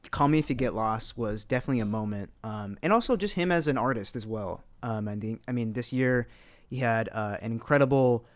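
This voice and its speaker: A young man co-hosting a casual podcast, relaxed and joking, explaining with asides. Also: mid-range voice, a little fast. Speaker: podcast co-host. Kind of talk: casual livestream chat.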